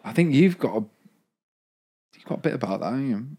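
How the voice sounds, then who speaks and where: A man's voice: medium pitch, expressive, fast, mellow, husky. A man co-hosting a casual comedy podcast, putting questions to the others and adding dry quips. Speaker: podcast co-host asking questions. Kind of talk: casual banter.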